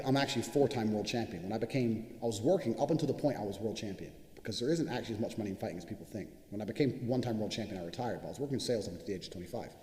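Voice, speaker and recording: A man's voice: fairly low pitch, darkish tone. A man delivering a boastful, profane monologue straight to viewers, in a casual self-promoting style. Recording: roomy with long reverb.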